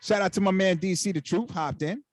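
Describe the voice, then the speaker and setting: A man hosting a casual podcast chat, animated and fond of repeating catchphrases. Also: high-pitched, fairly quick, no echo. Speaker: podcast host.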